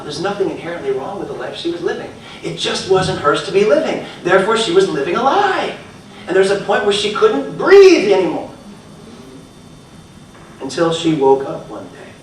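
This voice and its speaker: Male motivational speaker, high voice, very roomy hall, mic at a distance, lively storytelling with repeated phrases. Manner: animated storytelling, swings between loud bursts and quiet lines. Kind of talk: live inspirational talk. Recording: echoey hall from far off, faint noise.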